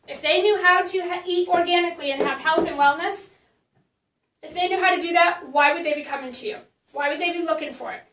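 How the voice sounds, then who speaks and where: A woman's voice: extremely high pitch, fairly bright tone, roomy sound, recorded from a distance, a little hiss or hum, rough recording. A woman marketing coach teaching in a casual live stream, chatty and blunt, with many fillers and restarts.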